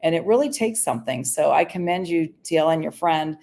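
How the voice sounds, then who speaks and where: A woman hosts a podcast in a very low voice. She speaks fluently and reflectively, often turning to address the audience. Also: expressive, brisk, gravelly, darkish tone. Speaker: podcast host. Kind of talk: podcast conversation.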